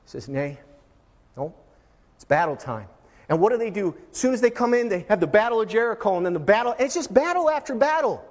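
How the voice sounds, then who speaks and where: Emphatic high-voiced preacher in a reverberant hall. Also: male voice, expressive, very fast, few pauses. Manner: emphatic, swinging between booming and hushed. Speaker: pastor. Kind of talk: sermon.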